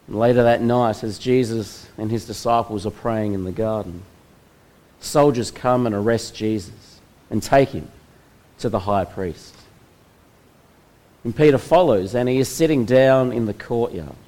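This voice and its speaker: A man preaches from the pulpit, unfolding a story at a deliberate pace. His voice sits at an ordinary middle pitch, and he leans on pauses to let each moment land. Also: darkish tone, rough recording. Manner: measured storytelling with slow, dramatic pauses. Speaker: pastor. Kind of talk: sermon retelling a Bible story.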